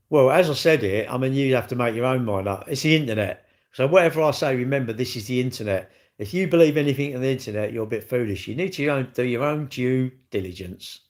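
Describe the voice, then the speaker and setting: A middle-aged man hosting a casual livestream, cheekily bantering and reading viewer comments aloud before answering them. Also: medium pitch. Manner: cheeky, blunt and jokey. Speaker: livestream host.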